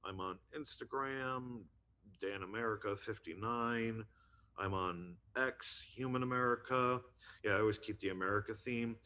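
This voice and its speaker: A man's voice: fairly low pitch, moderate pace, sharp tone. A man chatting as a guest, rambling with many fillers as he explains his voice impressions. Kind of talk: casual chat.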